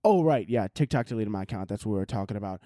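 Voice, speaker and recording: A man's voice: fairly low pitch, lively intonation, racing, mellow, dry recording, clean studio sound. A young man hosting a solo podcast, ranting in an exasperated, rambling, profane way. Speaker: podcast host. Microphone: laptop and camera audio.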